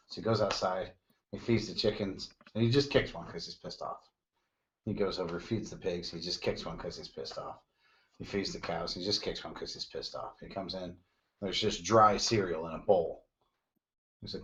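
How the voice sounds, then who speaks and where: A man with a fairly low voice chatting loosely on a podcast, cracking jokes and swearing easily. The sound is dull and lo-fi. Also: fairly even intonation, a little fast, a bit bright. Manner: jokey storyteller, swears casually. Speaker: podcast co-host. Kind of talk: casual chat.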